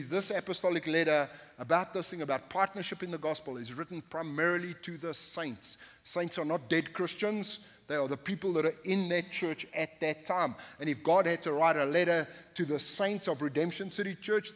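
Preaching from the pulpit in a church sanctuary, this pastor has a voice on the high side with a fairly bright tone. He leans hard on his words, repeats his main phrases, and makes joking asides to the congregation, heard with a long hall reverb.

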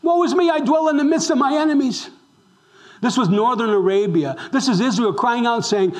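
A man preaching a sermon as pastor, asking the congregation questions and moving between loud emphasis and hushed tones. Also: extremely high pitch, normal speed. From raised Roman Catholic. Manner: swings between loud exclamations and hushed near-whispers.

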